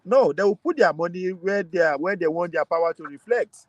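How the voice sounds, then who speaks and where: A Nigerian man with a high voice chats about politics, lively and laughing, moving between Pidgin and plain English. The sound is dry and close, with no room around it. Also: a little fast, no echo, muffled recording. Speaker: political commentator. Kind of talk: casual political talk.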